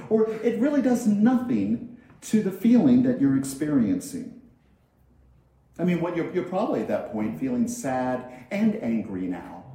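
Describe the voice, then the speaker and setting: Man preaching a sermon, high lively voice, mellow tone, conversational, very echoey hall. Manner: conversational, repeats phrases and acts out everyday quotes. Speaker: minister. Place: large church hall.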